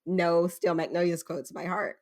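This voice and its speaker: A woman's voice: fairly low pitch, flat delivery, moderate pace. A young woman hosting a podcast, telling spooky tales in a casual, self-deprecating way and laughing often mid-sentence. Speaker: podcast host. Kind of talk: casual storytelling chat.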